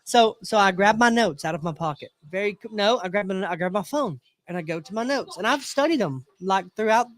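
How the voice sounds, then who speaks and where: High-voiced man telling a story. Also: a little fast, hardly any pauses. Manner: animated storyteller, acts out voices of others. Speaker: podcast host. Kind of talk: casual storytelling chat.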